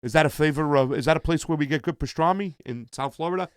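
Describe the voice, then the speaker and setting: A man's voice: a little high, quick pace, clear, resonant tone, dry recording, studio quality. A man in his forties co-hosting a casual political chat show, profane and jokey, riffing on viewer comments. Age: 40s. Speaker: co-host.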